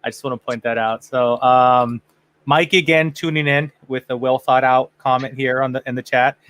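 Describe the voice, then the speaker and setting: Excitable male podcast host, dry sound. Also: medium pitch, moderate pace, no echo. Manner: excitable, swears freely, many restarts. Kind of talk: casual chat.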